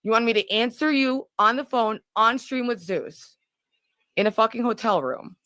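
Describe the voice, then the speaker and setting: A woman's voice: on the high side, moderate pace, fairly bright tone, dry recording. A woman in a played clip, defensive and exasperated during an argument.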